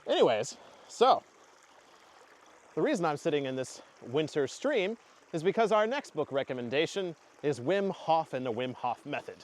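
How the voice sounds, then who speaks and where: Reflecting on the past year, a young man who makes spiritual content speaks to camera in a casual, earnest vlog full of fillers and false starts. His voice is a little high and very animated, moving at a moderate pace.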